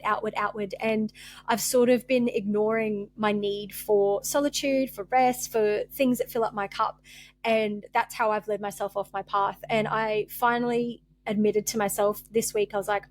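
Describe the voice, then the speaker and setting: A woman's voice: medium pitch, no echo. A young woman hosting a candid spiritual podcast monologue, rambling and open-hearted with many fillers, emotional and close to tears. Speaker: podcast host.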